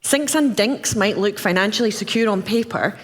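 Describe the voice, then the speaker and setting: A woman's voice: mid-range voice, moderate pace. A woman with a Scottish accent giving a candid, personal conference talk. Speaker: conference speaker. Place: conference hall. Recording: reverberant hall.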